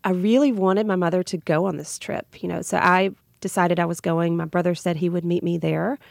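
A woman with a Southern US accent tells a heartfelt personal story on the radio, breaking into laughter now and then. Her voice is deeply gravelly and full of fry, and her pitch sits on the low side. The sound is very dry and close. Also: steady tone, brisk, darkish tone, no room sound. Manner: heartfelt, laughs while telling. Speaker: radio guest.

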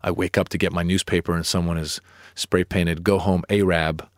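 A middle-aged man with a deep, low voice tells stories as a comedian guest, jumping up in pitch whenever he acts out his own replies. The sound is dry and close, with no room to speak of. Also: moderate pace, no room sound. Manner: animated storyteller, acts out his own protests in a higher voice. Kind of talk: storytelling interview chat.

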